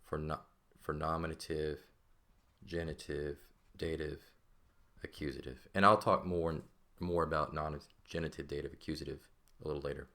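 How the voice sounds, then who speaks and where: A man's voice: rumbling low, flat delivery, normal speed, bright, forceful tone. A man teaching a classical Greek grammar lesson, explaining step by step and often checking in with "right?". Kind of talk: classroom lecture.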